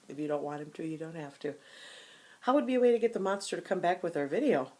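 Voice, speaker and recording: A woman teacher reading a picture book aloud to young children, slow and exaggerated, with gasps and soft whispered asides. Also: mid-range voice, animated.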